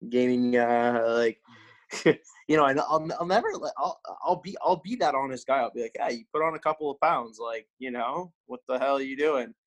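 A man talks in loose, animated podcast chat, cursing freely and restarting his sentences. He sounds like a personal trainer, straight-talking and sore from a workout. His voice sits in an ordinary middle register. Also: medium pitch, normal speed. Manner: blunt, swears constantly, animated.

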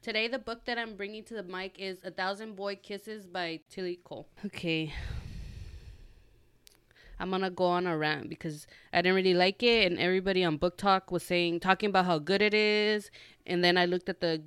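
A woman's voice: lowish voice, steady tone, moderate pace, a bit bright, clear, resonant tone, no room sound. A young woman hosting a podcast, chatting casually about a book with lots of fillers and restarts. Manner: rambling, many fillers and restarts. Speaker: podcast host. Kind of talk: casual chat.

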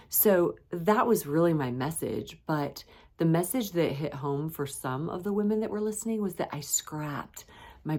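Playful woman podcast host, low-pitched voice, chatty and self-mocking, jumps into high excited bits. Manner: playful, self-teasing, bursts of high animated emphasis. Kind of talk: casual solo podcast chat.

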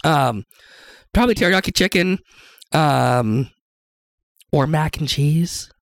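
A man's voice: a little high, lively intonation, slow pace, vocal fry. A man from the Seattle area hosting a casual interview, joking and self-deprecating. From Seattle area, USA. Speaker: podcast host.

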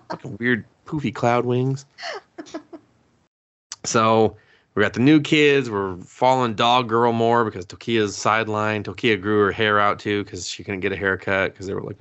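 This podcast co-host, his voice lowish and at normal speed, recaps an anime episode on a lo-fi recording without echo. His casual, animated storytelling is full of profanity, and he performs the characters' lines himself.

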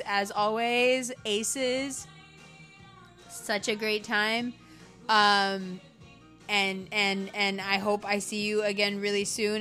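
A woman acting out a warm, rushed friend leaving a casual voice note that is peppered with swearing. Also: medium pitch. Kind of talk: acted voice note.

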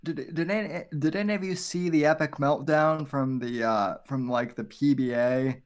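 A man's voice: medium pitch, normal speed. A man co-hosting a casual podcast, hesitant, full of fillers and restarts. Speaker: podcast co-host. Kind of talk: casual chat.

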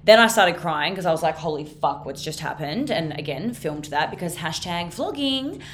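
Low-voiced young woman, casual podcast storyteller. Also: animated, moderate pace, fairly bright tone, slight background noise. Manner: chatty, swears freely, lots of "like" fillers. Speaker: podcast host.

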